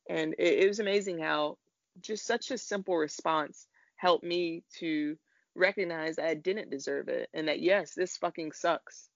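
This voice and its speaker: A man's voice: fairly high pitch, gravelly, a bit bright, no echo. A man, a podcast guest, telling a frank, emotional personal story in a conversation and swearing now and then. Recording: dull, lo-fi.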